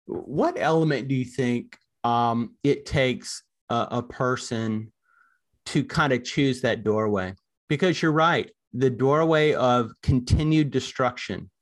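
A man of medium pitch hosts a faith-based podcast. He asks his guest thoughtful, probing questions in a conversational way. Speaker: podcast host. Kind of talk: interview questions.

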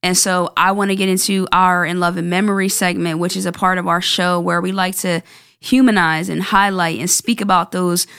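A woman in her twenties hosting a solo podcast, talking earnestly and reflectively, with halting restarts and repeated words. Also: lowish voice, gravelly, a bit bright, clear, resonant tone, no echo, clean studio sound. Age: 20s. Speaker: podcast host.

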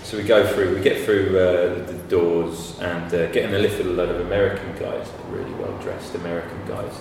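A man's voice: sits low, a little fast, creaky. Swearing, chatty man in an echoey room. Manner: chatty anecdotal storyteller, swears casually. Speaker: podcast guest, graphic designer. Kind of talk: casual conversation. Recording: echoey room, distant mic, faint noise.

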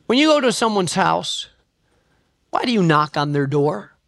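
A preacher delivering a sermon emphatically, asking the listeners questions and slowing down for scripture. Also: medium pitch, big pitch swings, vocal fry, a bit bright. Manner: emphatic, asks questions of the congregation; slows right down for quoted scripture.

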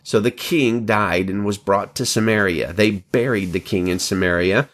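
A man reading scripture aloud at an unhurried pace, with occasional slips and self-corrections, lifting his pitch for quoted speech. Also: fairly even intonation, fairly bright tone. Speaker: scripture reader.

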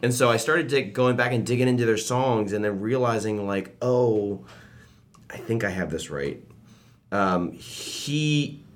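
A man's voice: fairly low pitch, expressive, normal speed. A man co-hosting a radio show, telling a story earnestly in casual chat.

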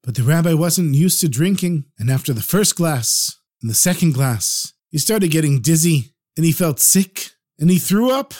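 An expressive male storyteller narrates with animated delivery, his voice sitting a little high for a man. He pauses to explain terms as he goes.

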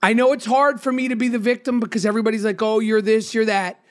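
Podcast host, male, high voice, blunt and foul-mouthed, nursing a sore throat. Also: little pitch movement, fast talker. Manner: profane, blunt, pushy. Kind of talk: casual podcast banter.

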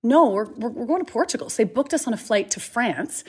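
A Canadian woman, a guest on a casual video call, energetically tells a long story about a travel mishap, acting out the other people's lines. Her voice is husky and on the high side, and she speaks briskly.

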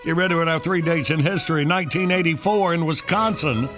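A man hosting a morning radio show, running a trivia game with lively, upbeat banter. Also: a little high, brisk, soft background music. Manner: lively, upbeat announcer delivery.

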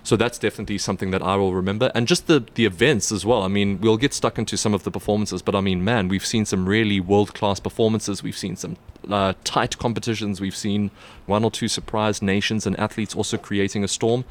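A chatty, animated man with a slightly low-pitched voice, talking sports with colleagues in an easygoing podcast chat. He keeps stopping and restarting his sentences and filling the gaps with ums. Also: brisk, hardly any pauses. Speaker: sports reporter co-hosting a podcast. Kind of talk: casual chat.

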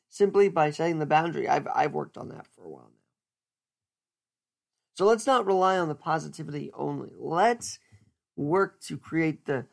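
A man's voice: on the high side, creaky. A man hosting a podcast, chatting casually and joking as he thinks aloud, often restarting his words. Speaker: podcast host. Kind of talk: casual solo podcast chat.

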